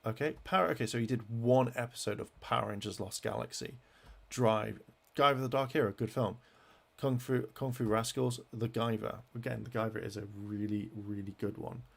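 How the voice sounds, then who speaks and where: A gravelly-voiced man rants angrily on his vlog, swearing in nearly every sentence while he browses web pages. His talk is heated and halting, full of false starts, and his voice sits at an ordinary male pitch with a rough creak running through it. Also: steady tone. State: angry. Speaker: fan vlogger.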